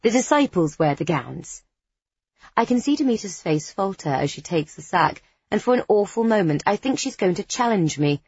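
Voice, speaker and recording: A woman's voice: medium pitch, animated, a little fast, hardly any pauses, a little mellow, breathy edge, dry recording, highs cut off. Wry woman narrating a story. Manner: wry, conspiratorial, dry understatement. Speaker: audiobook narrator. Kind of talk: first-person audiobook narration.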